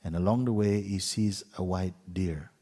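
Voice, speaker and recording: A male spiritual teacher tells a fable to his listeners at an easy, unhurried pace. He speaks in a low, breathy voice that drops at times to a near whisper. A long hall reverb hangs behind every phrase. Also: fairly even intonation. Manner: unhurried telling with pauses, dips to a hushed whisper. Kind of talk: storytelling talk to an audience.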